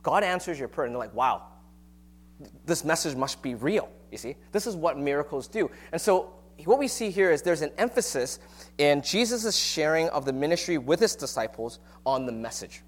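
A man's voice: a little high, expressive, brisk. Guy giving a sermon, chatty teaching style, keeps asking right? and okay?. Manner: conversational teaching with fillers and rhetorical questions. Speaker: pastor.

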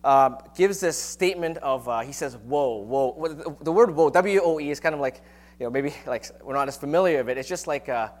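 A man's voice: fairly high pitch, brisk. Guy giving a sermon, chatty teaching style, keeps asking right? and okay?. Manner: conversational teaching with fillers and rhetorical questions. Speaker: pastor.

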